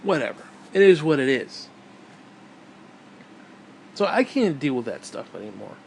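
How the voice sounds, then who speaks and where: A man's voice: a little high, sing-song, a little slow, creaky, a little mellow, a little hiss or hum. A man, hosting his own show in a crude, bitter, rambling rant full of restarts. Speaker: vlog host. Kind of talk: profane rant.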